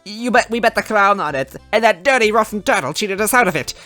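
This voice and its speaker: A man voicing a whiny, cowardly lanky male villain in a storybook reading, with a shrill yelping voice. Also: expressive, fairly quick, pushed and bright, soft background music. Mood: panicky whining.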